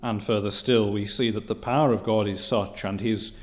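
Man preaching a measured sermon. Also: fairly low pitch, steady tone, a little mellow. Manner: measured, repetitive preaching cadence with rising emphasis; occasional hesitation fillers.

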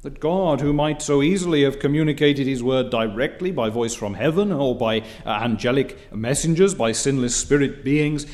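Man preaching a measured sermon. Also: mid-range voice, a little mellow. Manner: measured, repetitive preaching cadence with rising emphasis; occasional hesitation fillers.

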